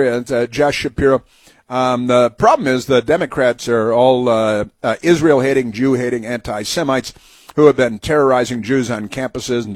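A man's voice: mid-range voice, normal speed, no echo. Male talk radio host, sarcastic, mocking, rambling with fillers, dry close mic. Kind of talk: opinionated talk radio commentary.

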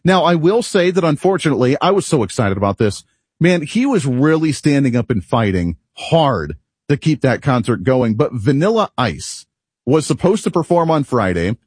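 A man's voice: mid-range voice, sing-song, moderate pace, darkish tone, slightly rough, no room sound. A man hosting a talk radio show, delivering an opinionated, rambling monologue and laughing at himself, recorded at a studio microphone. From United States.

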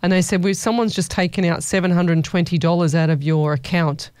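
Brief: woman, radio host, smooth, clear voice, dry studio sound, easygoing chatter with listeners. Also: on the low side, fairly even intonation, a little fast, dry recording. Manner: chatty, warm-hearted, calls listeners "lovey". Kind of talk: casual call-in radio chat. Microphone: studio microphone.

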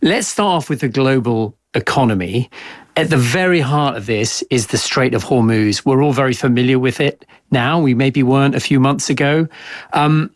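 A man's voice: medium pitch, no room sound, clean studio sound. Man host framing structured questions. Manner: deliberate, framing questions in lists. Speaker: podcast host. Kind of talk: structured news interview.

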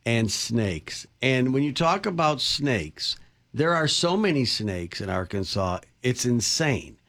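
A man's voice: medium pitch, big pitch swings, slow pace, a bit bright. A middle-aged man from the Chicago area, co-hosting a casual chat and telling rambling, self-deprecating anecdotes. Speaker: co-host.

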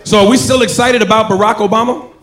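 A man's voice: high-pitched, steady tone, quick pace, heavy background noise. A man doing stand-up, punchy and sardonic, talking straight to the crowd. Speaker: stand-up comedian. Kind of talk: stand-up routine. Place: comedy club stage. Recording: roomy live club recording with audience.

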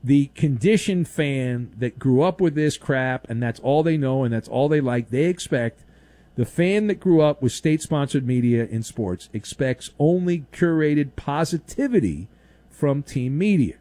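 A man's voice: mid-range voice, lively intonation, a little slow, mellow, no room sound. A man hosting a sports talk radio show, ranting sarcastically and mocking with exaggerated silly voices. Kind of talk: opinionated sports talk monologue.

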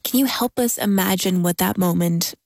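A woman's voice: lowish voice, normal speed, gravelly, a little mellow, no echo, studio quality. A woman hosting and narrating, talking in an eager, chatty way with many fillers. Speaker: host. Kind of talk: podcast narration and interview. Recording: music bed behind voice.

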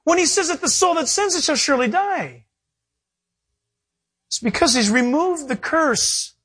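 A male pastor preaching a sermon, animated and acting out little dialogues. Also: extremely high pitch, breathy edge.

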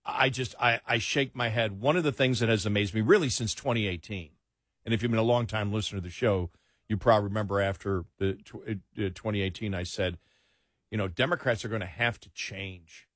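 A man's voice: on the low side, no echo, studio quality. A man hosting a late-night political talk radio show, emphatic and incredulous, often restarting his words.

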